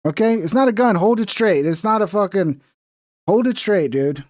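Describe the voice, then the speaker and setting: A man's voice: high voice, expressive, normal speed, darkish tone. Blunt, profane streamer man. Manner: blunt, profane, lecturing with laughs. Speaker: streamer reacting to clips. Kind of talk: casual reaction commentary.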